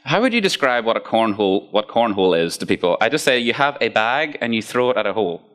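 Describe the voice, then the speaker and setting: A man's voice: fairly low pitch, fast. A man giving a casual, joking talk to a youth group, with asides to the audience. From Ireland. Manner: playful, jokey, lively storytelling with asides to the audience.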